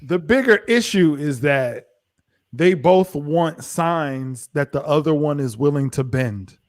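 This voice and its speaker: An American man with a notably high voice, chatting casually as co-host of a live review show. He tells stories with animated delivery and slips into the voices of the people he quotes. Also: takes it slowly. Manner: animated storytelling, acts out quotes. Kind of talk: casual live-stream chat.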